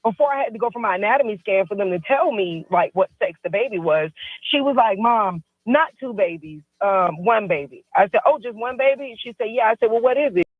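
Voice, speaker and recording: A woman's voice: fairly high pitch, animated, fast talker, no room sound. A woman calling in to a radio show, animatedly telling a personal story and acting out the quotes. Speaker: caller. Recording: tinny phone line.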